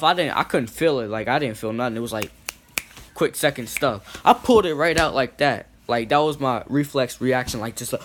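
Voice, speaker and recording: A young man telling a story in a loose, rambling way, leaning on "like" and "boom" as fillers. His voice sits a bit high for a man. He jumps from loud to hushed as he acts scenes out. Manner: swings from loud to quiet when acting out scenes. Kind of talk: casual story time.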